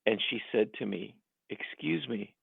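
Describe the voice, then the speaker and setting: A man, a writer, telling a story in a relaxed interview, animated and laughing often as he acts out the voices of people he quotes. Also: lowish voice, a little slow, vocal fry, slightly rough, dry recording. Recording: tinny phone-line sound.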